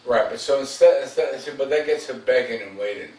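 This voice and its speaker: A dog trainer coaches an owner during a home visit, speaking casually and directly and often checking in with "okay?". His medium-pitched voice is a little fast and a little mellow. The distant camera mic sounds roomy in the home setting, with faint noise.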